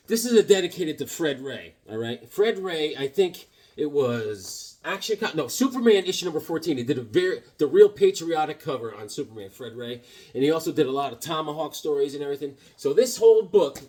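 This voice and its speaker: A middle-aged man chats about his comic books in a loose show-and-tell. He is excitable and rambling, piling up fillers and little asides with a voice of medium pitch. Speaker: comic book collector vlogger.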